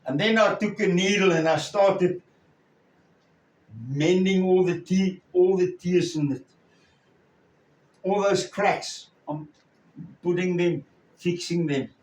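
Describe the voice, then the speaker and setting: Slow, halting male preacher. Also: high-pitched. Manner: slow, halting delivery with many pauses. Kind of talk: sermon storytelling. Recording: echoey room, far from the mic.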